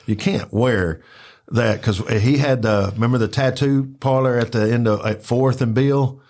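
A man spins loose, rambling stories in a relaxed chat. He stops often on fillers and slips into quick acted-out quotes. His pitch sits in the middle. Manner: rambling, animated, acts out quotes with filler words. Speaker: storyteller recalling work at a club. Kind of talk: casual storytelling chat.

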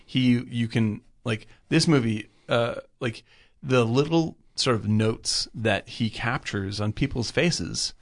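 A man in casual film chat, rambling with lots of fillers and getting animated when he retells scenes. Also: medium pitch, slow pace.

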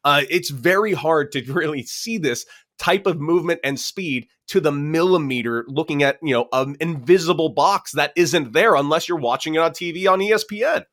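A man's voice: fairly high pitch, moderate pace, fairly bright tone. A man, a former baseball player, telling stories in casual chat and acting out both sides of arguments.

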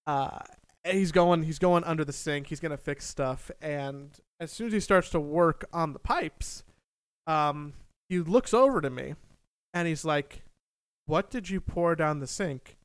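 A young man tells a casual story full of animated, self-mocking energy and lots of swearing. His slightly high voice is smooth and clear, he talks a little slowly, and the recording is dry and close with no echo.

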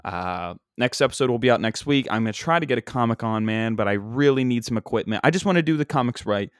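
In a clean, expressive mid-range voice, a young stand-up comic hosting his podcast races through a wandering funny story into a single microphone. Fillers and restarts pile up throughout, and the studio sound is echo-free.

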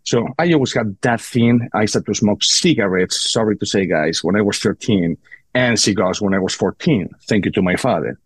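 A man with a Spanish accent from Spain, a guest on a podcast, talking casually with halting restarts. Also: fairly low pitch, expressive, slightly rough, dry recording. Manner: halting, repeats words. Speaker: guest, cigar maker.

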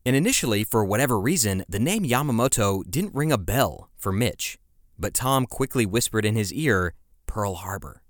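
A man with a lowish voice narrates a history podcast in a relaxed, conversational way, slipping casual asides into the scripted telling. The recording is close and dry, with no room sound. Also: normal speed, dry recording. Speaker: podcast host.

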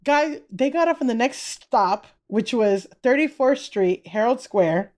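Woman from Miami, high voice, brash comic storyteller, casual podcast guest. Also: measured pace. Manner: brash, animated storytelling with profanity. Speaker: guest comedian.

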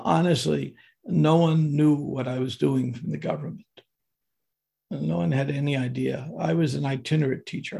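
An older man telling a personal story as a guest, earnest and slowing down on emotional words, with a raspy, gravelly voice. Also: on the high side, mellow.

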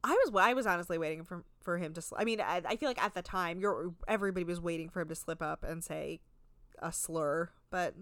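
A woman's voice: fairly low pitch, quick pace, fairly bright tone, no echo. A woman co-hosting a recap podcast, talking in a frank, crude, chatty way full of filler words. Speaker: podcast co-host recapping a reality show. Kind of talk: casual chat.

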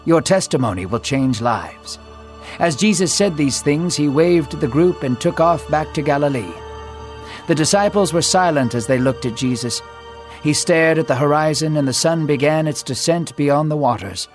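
Guy telling a bible story dramatically, kinda higher voice, soft music behind. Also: moderate pace. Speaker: narrator. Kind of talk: scripted storytelling narration.

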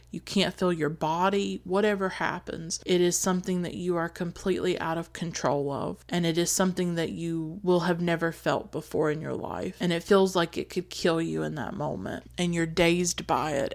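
Low, gravelly woman speaking earnestly. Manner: earnest, slow and emphatic. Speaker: podcast host. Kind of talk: reflective film commentary.

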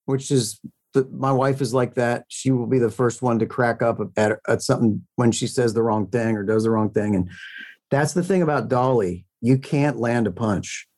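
A man's voice: mid-range voice, normal speed, a little mellow. Middle-aged guy rambling through stories, jokes at himself, lots of restarts. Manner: chatty storyteller, self-mocking, frequent restarts. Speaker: country singer, guest. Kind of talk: casual interview chat.

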